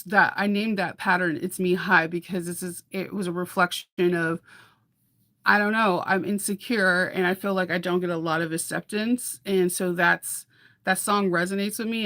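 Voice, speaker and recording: A woman's voice: on the low side, sharp tone. Middle-aged woman, sewing show host; casual, rambling, laughs easily, restarts sentences. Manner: chatty, rambling, laughs often, self-interrupting. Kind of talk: casual live chat.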